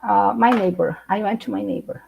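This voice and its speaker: A middle-aged Brazilian woman speaking English with a Brazilian Portuguese accent, an animated guest in a live video chat who laughs often and searches for words. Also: medium pitch, fairly quick, creaky, slight background noise, poor audio. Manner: animated, laughs often, hesitant non-native phrasing. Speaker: guest speaker, intercultural trainer.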